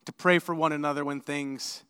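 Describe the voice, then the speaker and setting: A middle-aged man preaching as a pastor, telling a personal story in a conversational, animated way before leading prayer. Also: a little high, normal speed, smooth. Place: church sanctuary. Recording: church hall with long reverb.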